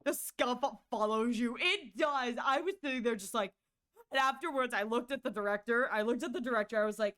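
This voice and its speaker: With a fairly high pitch, the streamer and voice actor narrates a story into her condenser mic, sounding casual, animated and exasperated. Her delivery shifts from quick bursts to drawn-out words and back.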